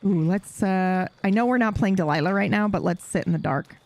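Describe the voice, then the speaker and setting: A woman's voice: medium pitch, fairly quick, creaky, a little mellow. A woman streamer chatting casually with her live audience while playing a game, swearing freely and laughing often.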